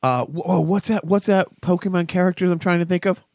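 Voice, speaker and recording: A man's voice: sits high, fast talker, darkish tone, no echo, studio quality. A man in his fifties hosting a casual chat, telling rambling stories and laughing often. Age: 50s. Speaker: podcast host.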